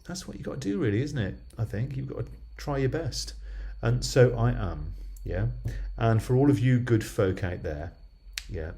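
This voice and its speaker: With a deep, dark voice and noticeable vocal fry, this older southwest English video diarist chats and rambles on. He keeps tagging his remarks with "yeah?" to check in with whoever's listening.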